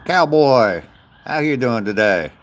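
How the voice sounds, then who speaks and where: An older man walks outdoors while chatting casually on a livestream, reading viewer chat aloud, greeting people by name and chuckling at their comments. His voice sits at a medium pitch, with lively intonation and a slow pace.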